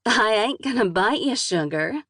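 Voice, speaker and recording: A woman's voice: fairly high pitch, expressive, unhurried, fairly bright tone, slightly rough, no echo, clean studio sound, voice pushed up, full character voice. A woman voicing a cheery middle-aged waitress with a folksy Southern US drawl who calls people sugar and honey. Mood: chirpy.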